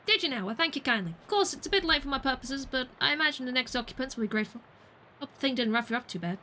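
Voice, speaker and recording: A woman's voice: sits high, expressive, racing, pushed and bright, a little hiss or hum. Woman reading as a folksy ring collector. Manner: folksy, talkative, barely changes her own voice. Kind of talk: reading game dialogue aloud.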